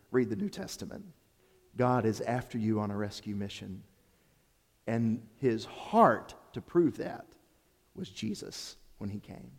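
A male pastor preaches with a voice that swings up and down in a lively way, telling his story with animation and addressing the congregation head-on. His voice rings through a long, echoey sanctuary. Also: on the low side, a little slow. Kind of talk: sermon with a told joke. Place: church sanctuary. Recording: echoey hall.

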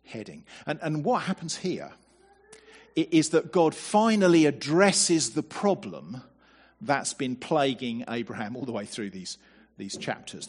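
A man's voice: mid-range voice, breathy edge. A man preaching a sermon in a conversational way, often asking rhetorical questions and repeating words as he starts a thought.

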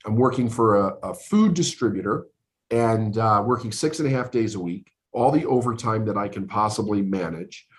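A man's voice: lowish voice, moderate pace. A middle-aged man from the United States, a business coach and podcast guest, earnestly recounting his life story in conversation, emphatic and given to repeating words as he builds up.

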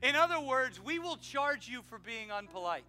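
A man preaching an animated sermon in church, drawing call-and-response from the congregation. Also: extremely high pitch, normal speed, faint music behind. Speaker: pastor. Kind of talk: energetic sermon with announcements. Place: church sanctuary.

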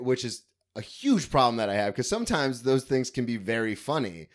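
A man's voice: mid-range voice, a little fast. A man in his thirties hosting a podcast, chatting casually about comedy and acting out the people in his stories. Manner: animated storyteller, swears, acts out quoted people. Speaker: podcast host. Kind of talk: casual chat.

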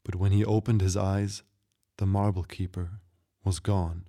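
A man narrating a story in a measured, steady storytelling delivery. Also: deep voice. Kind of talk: scripted narration.

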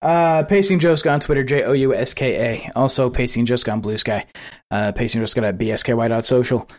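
Excitable laughing podcast co-host. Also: male voice, medium pitch, brisk. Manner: excitable, laughs a lot, swears casually. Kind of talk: casual chat.

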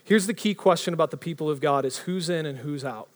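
Animated young man preaching a storytelling sermon. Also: fairly high pitch, fast. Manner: animated, rambling, self-interrupting.

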